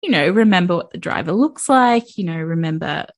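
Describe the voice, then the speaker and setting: A woman co-hosting a podcast in casual chat, animated and giggly, with many fillers. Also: on the low side, fairly quick. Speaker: podcast co-host.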